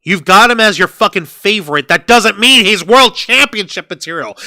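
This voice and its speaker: A man ranting about wrestling on a podcast, swearing freely and turning sarcastic. His voice sits high and cuts sharply. The recording is dry and close. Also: expressive, normal speed, hardly any pauses, bright, forceful tone, no room sound. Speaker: podcast co-host. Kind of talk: heated wrestling review chat.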